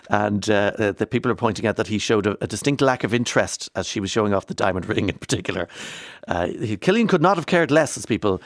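A low-voiced Irish man hosting a radio show, chatting away in a loose, rambling way with playful asides. The sound is dry and close, straight into a studio microphone. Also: expressive, fast talker, no room sound. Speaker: radio presenter. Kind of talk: casual radio chat.

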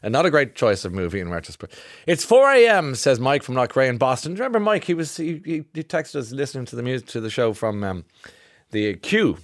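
Chatty radio host, dry studio sound. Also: male voice, medium pitch, sing-song, quick pace, no echo. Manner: chatty, wry. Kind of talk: casual radio talk reading listener texts.

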